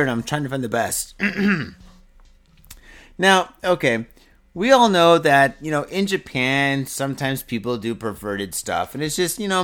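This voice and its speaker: A man's voice: on the high side, fairly bright tone. A man hosting a podcast, drunk and swearing a lot, rambling about news stories and laughing at his own jokes. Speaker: podcast host. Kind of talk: casual podcast chat reading news stories.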